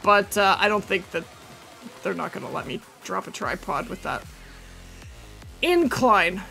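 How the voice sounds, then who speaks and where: A woman with a mid-range voice, a touch slow and marked by vocal fry, talks over soft background music. She's playing a game on a live stream, chatting casually, thinking out loud, and gushing with excitement at her viewers.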